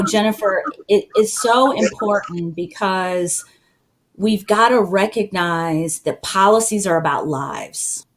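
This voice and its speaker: A woman moderating a panel discussion, speaking in a thoughtful, reassuring way. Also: on the low side.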